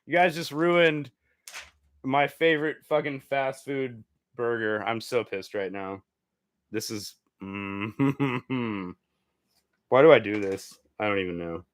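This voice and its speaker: In a medium-pitched voice, a comedy news host takes his time reading the stories aloud. He interrupts himself with vulgar, cursing remarks and giggles, bouncing animatedly from low mutters to loud exclamations. There's no room sound at all.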